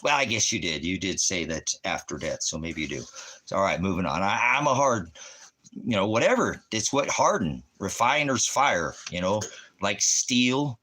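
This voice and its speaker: A man's voice: on the low side, animated, moderate pace, sharp tone, husky. A middle-aged man ranting on a livestream, confronting chat viewers by name in a preachy, combative way. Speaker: livestreaming ministry host.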